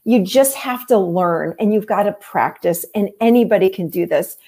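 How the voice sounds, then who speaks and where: A middle-aged woman therapist explaining her ideas in an interview, animated and explanatory, often acting out what people say. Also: mid-range voice, moderate pace. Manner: animated, explanatory, acts out quotes. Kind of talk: conversational interview.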